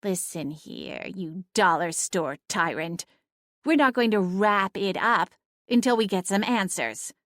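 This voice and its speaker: A sharp-tongued female cat familiar barks out blunt, scolding orders, as a woman narrator puts her on. The storybook voice sits in a dry, close recording with no room around it. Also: mid-range voice, moderate pace, dry recording, natural voice. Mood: cold, scornful.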